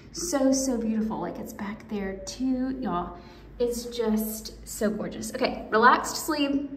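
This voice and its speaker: A woman's voice: fairly high pitch, distant mic. Gushing woman, echoey room. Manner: gushing, chatty, addresses viewers as y'all. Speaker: clothing try-on host. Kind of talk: casual product try-on video. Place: room indoors.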